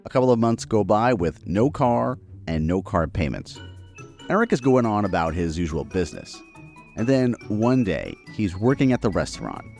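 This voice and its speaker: Give me a lowish male podcast narrator with lively intonation over faint music. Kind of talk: scripted narration.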